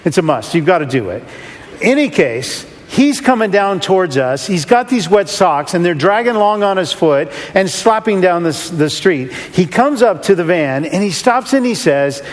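A man's voice: high-pitched, sing-song, normal speed. A man who runs a rescue mission, telling a humorous, self-mocking story to an audience. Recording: long hall reverb.

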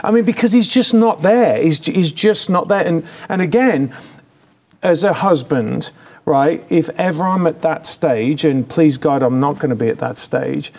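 A man co-hosting a casual political talk show, animated and mocking, laughing often as he talks. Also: on the high side, a little slow, gravelly. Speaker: co-host.

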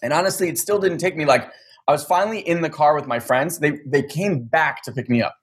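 A man's voice: a little high, brisk. A man telling a story in casual chat, acting out the dialogue and swearing casually. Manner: animated, acts out quoted dialogue, swears casually.

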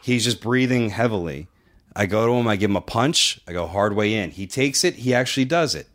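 Talking briskly at a fairly low pitch, a middle-aged wrestling trainer hosting a podcast tells a long, profanity-laced tale. The chat is casual, and he animatedly voices the quoted lines himself.

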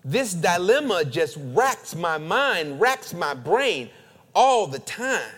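A male pastor preaching a sermon, building emphatic repeated phrases and then dropping to quiet, confessional tones. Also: sits high, sing-song, takes it slowly. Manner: emphatic preaching with dramatic repetition.

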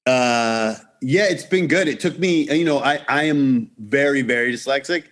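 A man from Canada talks as a guest comedian, his mid-range voice tumbling through restarts and acted-out quotes. The chat is loose and animated, with a quick storyteller's energy. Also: medium pitch. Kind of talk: casual podcast chat.

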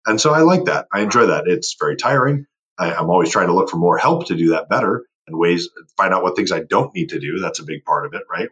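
Guest, male, deep husky voice, driven and emphatic, interview chat. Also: animated, quick pace, a bit bright. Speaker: guest, board game company owner. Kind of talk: casual podcast interview.

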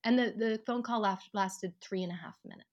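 A woman's voice: mid-range voice, brisk, lo-fi sound. A woman, an actor and writer, telling a personal story at home in an interview, acting out the voices of people she quotes. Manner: reflective, acts out quoted voices with lively rises. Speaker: podcast guest, actor and writer. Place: at home, living room.

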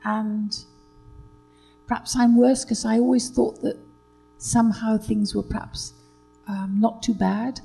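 An older British actress, a guest telling stories in a relaxed chat, hesitant with many fillers and restarts. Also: female voice, fairly high pitch, slow pace, vocal fry, pauses often, husky, faint music behind, rough recording. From Britain.

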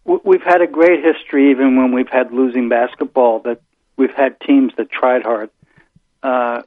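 An older man calls in over a tinny, thin phone line. He talks about sports in a measured, thoughtful way and often restarts his sentences. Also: mid-range voice, steady tone, no room sound. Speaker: caller, the host's father. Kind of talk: casual sports chat.

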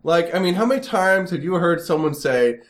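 A man co-hosting a podcast in casual banter, animated, who often mimics other people in put-on voices. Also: fairly high pitch, fairly quick. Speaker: podcast co-host.

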